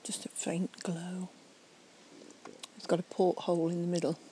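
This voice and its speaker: A woman, slightly tipsy, giving a soft, rambling, whispered night-time ASMR chat outdoors near trees and a fountain on a portable recorder. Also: on the low side, completely flat delivery, normal speed, a little hiss or hum, low-quality recording.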